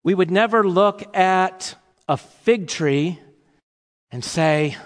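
High-voiced preacher in a reverberant hall. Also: male voice, takes it slowly, pauses often. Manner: animated, playful, rhetorical questions to the congregation. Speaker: pastor. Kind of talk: sermon.

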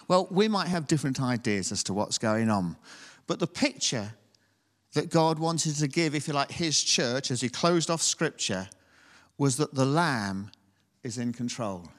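A man with a higher-than-usual voice preaches a sermon. He reads scripture aloud and then turns conversational, often asking his listeners questions. His voice rings out in a hall with long reverb. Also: lively intonation, normal speed, a bit bright. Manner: conversational, asks the congregation tag questions.

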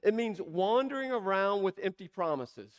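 A man preaching a sermon, asking emphatic rhetorical questions and slowing down to stress key words. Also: high voice, lively intonation. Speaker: pastor.

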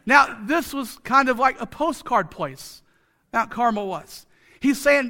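A man's voice: very high voice, expressive, measured pace, sharp tone. A male pastor preaching a sermon in a chatty, joking way, repeating phrases for emphasis and tossing rhetorical questions to the congregation. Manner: conversational, joking, with many rhetorical asides.

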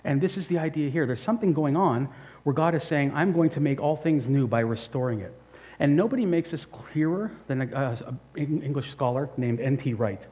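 Young male pastor, fairly high voice, chatty lively sermon delivery, muffled lo-fi recording. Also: brisk, long reverb tail. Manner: conversational, animated preaching with asides and self-corrections. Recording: dull lo-fi sound.

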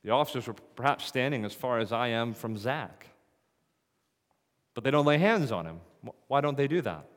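A man's voice: mid-range voice, lively intonation, moderate pace. Male pastor, sermon delivery, questioning style, mid-range voice, long church reverb. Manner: rhetorical questions, rising to emphatic peaks. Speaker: preacher. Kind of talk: expository sermon. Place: church sanctuary.

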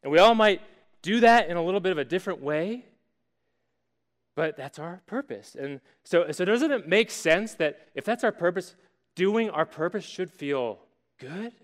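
A man preaching a sermon as pastor, telling stories with dramatic pauses and lively emphasis. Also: sits high, in a large hall. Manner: animated storytelling with dramatic pauses.

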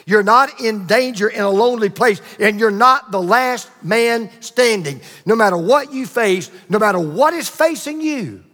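A male pastor delivers a sermon in a fairly high voice, building emphasis through repeated phrases and drawn-out pauses. His words ring out with a long hall reverb around them. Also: lively intonation, a bit bright. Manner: emphatic preaching with repetition and dramatic pauses.

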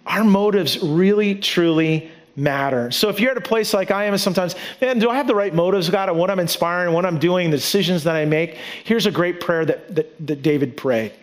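A man with a high, light voice delivers a sermon. He speaks earnestly and repeats his key lines to drive them home. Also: brisk, hardly any pauses. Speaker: pastor.

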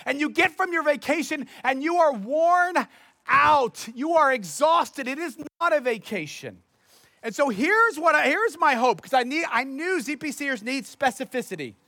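High, bright-voiced male pastor preaching. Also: lively intonation, moderate pace, no echo, clean studio sound. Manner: conversational, self-deprecating storytelling. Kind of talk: sermon.

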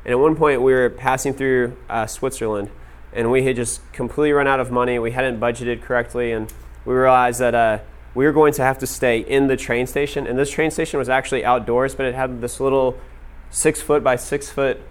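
A man's voice: medium pitch, steady tone, a little fast, hardly any pauses. Casual man preaching. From United States. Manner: conversational, heavy use of "like". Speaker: speaker teaching a group. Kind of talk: casual sermon storytelling.

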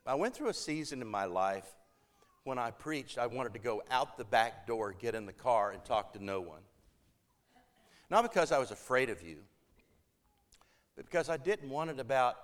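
A man's voice: medium pitch, animated, moderate pace, pauses often. A man preaching a sermon to a church congregation, earnest and emphatic, building to fervent appeals.

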